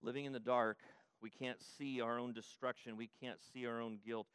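An older man preaching a sermon as pastor, emphatic and repetitive, often restarting and rising to loud peaks. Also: mid-range voice, little pitch movement, moderate pace, clear, resonant tone, no echo.

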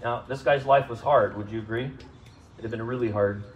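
A man preaching a sermon to a congregation, speaking conversationally, asking them questions and rising in pitch and volume for emphasis. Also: normal speed, highs cut off. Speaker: pastor. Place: church service.

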